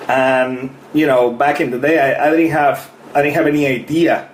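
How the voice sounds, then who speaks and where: A man's voice: mid-range voice, fairly even intonation, normal speed. A man, a fitness coach, chatting casually on a live stream, greeting viewers by name and laughing often. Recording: roomy echo with faint noise.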